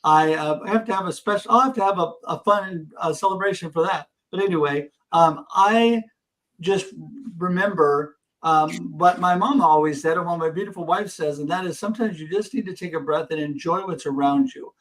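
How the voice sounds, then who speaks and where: A man's voice: high-pitched, normal speed, fairly bright tone, low-quality recording. A man in his fifties hosting a livestream chat on a video call, effusive and full of praise for his guests. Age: 50s. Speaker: livestream host. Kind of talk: upbeat casual chat.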